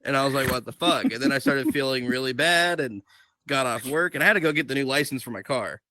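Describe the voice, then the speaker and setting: Young man, bright voice, profane animated storytelling, dry close mic, podcast chat. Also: mid-range voice, fast talker, dry recording. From Ohio. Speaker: podcast co-host.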